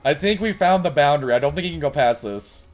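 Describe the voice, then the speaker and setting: A fairly high, very animated male voice swinging between shouts and mutters as he streams a game. He laughs often and yells eagerly. Faint game music plays underneath. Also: fast. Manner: excitable, yelling commands at a pet and laughing. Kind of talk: live gameplay commentary.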